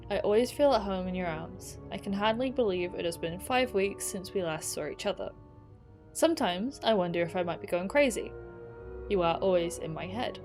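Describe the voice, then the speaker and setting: A woman's voice: mid-range voice, expressive, moderate pace, music in the background, natural voice. A woman reading aloud the love letters of a young woman from the 1940s, in a tender, then resigned, manner. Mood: longing.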